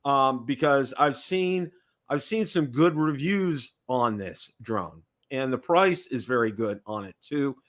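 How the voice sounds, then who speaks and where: A man's voice: medium pitch, expressive, slow pace, fairly bright tone. A man from the United States hosting a casual livestream chat, rambling, repeating words and checking in with "okay?". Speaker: livestream host.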